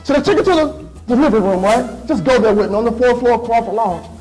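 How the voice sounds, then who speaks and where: A man in his thirties giving a motivational speech to students, telling stories in an animated way and acting out voices and sound effects. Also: very high voice, a little fast, faint music behind, poor audio. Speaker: motivational speaker. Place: school assembly.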